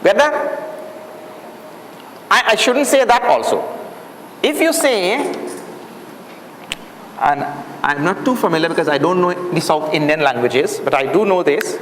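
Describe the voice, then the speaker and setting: In a classroom lecture on Sanskrit, a man with a fairly high, animated, slightly bright voice speaks at a measured pace with long pauses. He explains patiently, repeats words for the students, and asks them questions, all in an echoey hall with faint noise.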